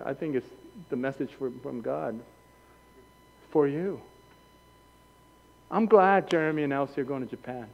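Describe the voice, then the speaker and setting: A man preaching a sermon, moving from quiet storytelling to shouted passion. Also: mid-range voice, measured pace, creaky, long pauses. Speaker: pastor. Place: church hall. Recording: dull, long-echo church sanctuary.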